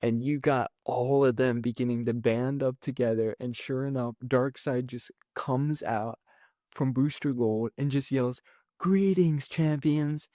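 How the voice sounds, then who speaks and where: A man host casually recapping a comic book issue, rambling and excitable, acting out the characters' lines as "he's like". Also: medium pitch, a little slow, no echo, clean studio sound.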